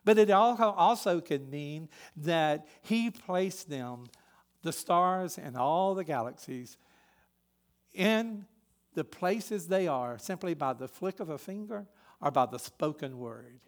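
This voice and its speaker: A pastor preaching a sermon, a man who is emphatic and swings between loud and soft. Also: a little high, animated, slow.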